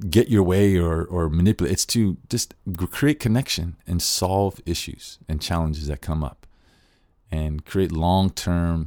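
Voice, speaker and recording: A man's voice: low-pitched, a little mellow, no room sound, clean studio sound. A man giving an earnest, casual spoken lesson on nonviolent communication, thinking aloud with frequent restarts.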